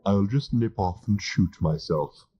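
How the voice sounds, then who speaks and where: A man voicing a polite, unhurried bovine creature that was bred to be eaten, on an old audiobook tape. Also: fairly low pitch, dark tone, husky, lo-fi sound. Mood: obliging.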